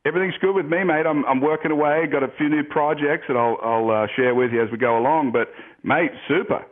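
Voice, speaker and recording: A man chatting as a podcast guest, lively and loose, with filler-heavy restarts. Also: a little high, a little fast, narrow, tinny audio. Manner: animated, swears, mimics others in stories. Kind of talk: casual storytelling chat.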